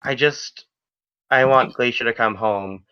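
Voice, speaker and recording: A man's voice: medium pitch, a little slow, smooth, no room sound, close to an everyday voice. A man voicing a flustered, angry young woman in her twenties who leads a hero team, tense and pleading, on a dull lo-fi recording. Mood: weary.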